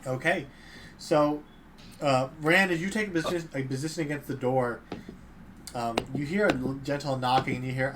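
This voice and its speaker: A man's voice: medium pitch, steady tone, moderate pace, noisy background. A man running a tabletop game as dungeon master, narrating in a laid-back way and chuckling as he goes.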